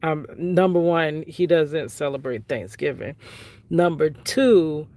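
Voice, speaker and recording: A middle-aged woman, a vlogger and prison wife, tells a story in a casual vlog, speaking frankly and conversationally as she retells talks with her family. Her voice is deep and mellow, her pace slow, and there's no room sound.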